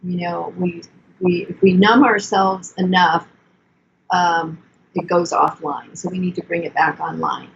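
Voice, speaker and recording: An older woman therapist explaining emotional self-care in an earnest, coaching way, with gentle self-soothing asides. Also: on the low side, fairly even intonation, a little slow, vocal fry. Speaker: therapist guest. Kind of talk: explanatory podcast talk. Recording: dull lo-fi sound with faint noise.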